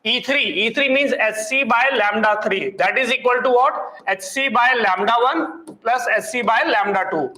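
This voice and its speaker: A man's voice: extremely high pitch, normal speed, hardly any pauses, sharp tone, echoey room, poor audio. A man teaching physics problems step by step in class, constantly quizzing his students with questions. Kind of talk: classroom problem-solving lecture.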